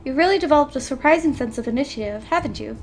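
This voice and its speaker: A woman's voice: high-pitched, animated, racing, a little hiss or hum. A woman voicing a fussy, proper male inventor, reading a visual novel aloud in a formal, clipped way. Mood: gentle, formal.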